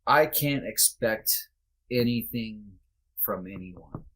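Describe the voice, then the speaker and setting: Podcast guest, male, lowish voice; earnest, reflective, halting delivery. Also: a bit bright. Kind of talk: candid conversation.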